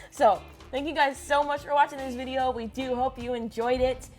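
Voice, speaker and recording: Woman fishing-vlog host, higher voice, upbeat and giggly, casual viewer chat. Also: level tone, a little mellow, faint music behind. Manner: upbeat, giggly, quick sign-offs.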